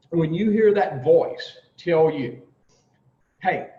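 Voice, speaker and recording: A man teaching the twelve steps of recovery to a group, emphatic and blunt, with long pauses and the odd curse. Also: fairly high pitch, dark tone. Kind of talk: informal recovery talk to a group. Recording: roomy, distant, dull lo-fi sound.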